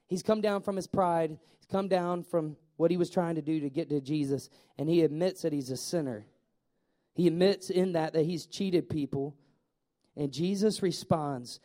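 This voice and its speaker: Animated high-voiced male preacher. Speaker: pastor. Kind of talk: sermon.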